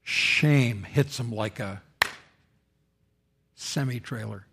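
A man preaching a sermon, swinging between loud dramatic quotes and quiet, solemn passages. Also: mid-range voice, extremely slow, gravelly, noisy background. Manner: expressive preaching, rising loud for quoted speech and dropping soft for solemn lines. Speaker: pastor.

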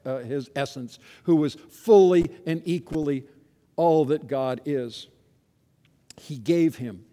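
A man preaching a sermon in an earnest, emphatic way, slowing down to stress key phrases. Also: on the high side, a little mellow. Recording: long hall reverb.

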